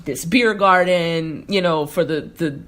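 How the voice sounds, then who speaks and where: In a relaxed podcast chat, a U.S. woman host spins animated stories, voicing quotes and laughing frequently. She speaks in a lowish voice without hurrying.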